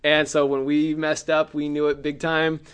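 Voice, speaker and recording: A middle-aged man preaching a sermon, telling a personal story with acted-out cries and shouts. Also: a little high, completely flat delivery, normal speed, smooth.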